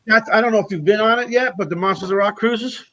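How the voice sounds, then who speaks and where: A man, a guest drummer, telling road stories in casual chat, animated, acting out what people said and laughing often. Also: high voice, quick pace, dull audio. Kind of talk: casual storytelling.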